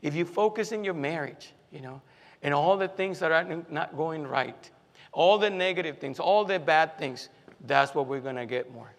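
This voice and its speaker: A man preaching a sermon in a conversational way, often repeating phrases for emphasis and pausing on fillers. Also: fairly high pitch. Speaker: pastor. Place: church sanctuary. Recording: long hall reverb.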